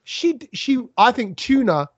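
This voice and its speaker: A man's voice: very high voice, very animated, a little slow, dry recording. A man, co-hosting a casual chat, telling stories and acting out his own lines with big jumps in emphasis. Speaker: podcast co-host. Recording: dull lo-fi sound, dry.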